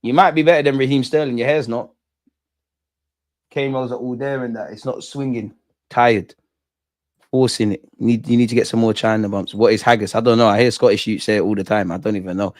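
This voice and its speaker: A young man hosting a live football watch-along, reacting loudly and bantering at the players. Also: mid-range voice, fairly quick. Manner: excitable, shouts at goals, banters at players. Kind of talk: live match reaction commentary.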